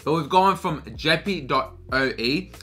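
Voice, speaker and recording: A young adult fashion vlogger answers questions in a casual Q&A, loose, slangy, and swearing freely while eating cereal between bites. His voice is a little high, a little slow, sharp and husky, caught on a camera mic with soft background music.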